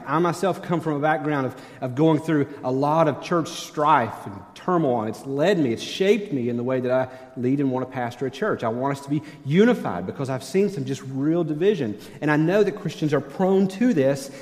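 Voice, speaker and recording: A man's voice: a little high, a little mellow. A middle-aged male pastor preaching a sermon in a church sanctuary, conversational and wry, with self-deprecating humor. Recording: long church hall reverb.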